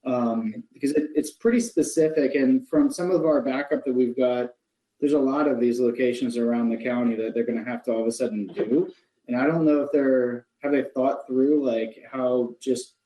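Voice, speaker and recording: Commissioner guy on a call, mellow voice, kinda roomy echo, hedging w/ lots of likes. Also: medium pitch, normal speed. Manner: casual, hesitant, with likes and restarts. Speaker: board commissioner. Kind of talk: meeting discussion. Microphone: virtual call.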